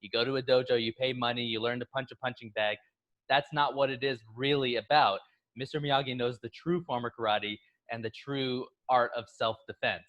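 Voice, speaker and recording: A man co-hosting a casual movie review chat, retelling scenes with lively character impressions. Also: mid-range voice, brisk, muffled recording. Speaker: podcast co-host.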